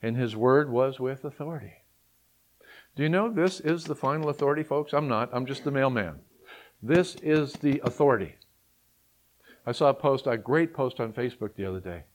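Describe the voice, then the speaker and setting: A man's voice: medium pitch, moderate pace. A man delivers a sermon in a middling voice. He preaches emphatically and keeps asking the listeners rhetorical questions. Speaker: pastor.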